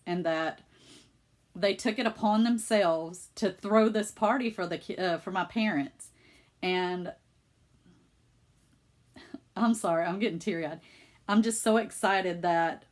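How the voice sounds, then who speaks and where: A middle-aged woman with a Southern US accent, chatting casually and with feeling in her cross-stitch vlog at home. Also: medium pitch. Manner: chatty and emotional, with many fillers. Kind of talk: casual chat.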